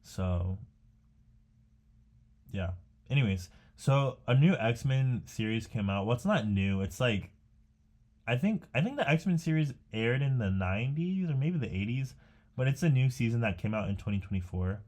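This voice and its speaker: A young man who makes art vlogs rambles casually to himself while painting, chatty and meandering, full of fillers and restarts. His medium-pitched voice is animated and a little mellow, at a moderate pace.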